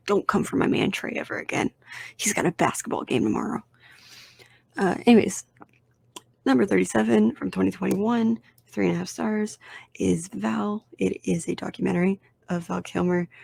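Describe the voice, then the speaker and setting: A woman's voice: medium pitch, creaky, darkish tone, husky. A young woman hosting a casual solo podcast, talking bluntly and with lots of swearing as she rambles through her opinions. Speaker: podcast host.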